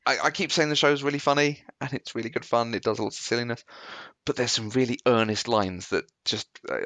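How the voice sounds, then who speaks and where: A podcast co-host in casual chat, speaking earnestly with soft laughs. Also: sits low, no echo.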